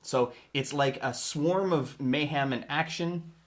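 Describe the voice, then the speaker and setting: A man's voice: on the high side, slow pace. A man hosting a podcast, walking his co-creators through a film scene step by step in a casual chat. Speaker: filmmaker host. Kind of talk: casual story pitch.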